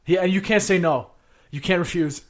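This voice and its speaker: A man's voice: high-pitched, normal speed. A young American man co-hosting a casual podcast, rambling and swearing, with a lot of "bro" and "like". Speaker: podcast co-host.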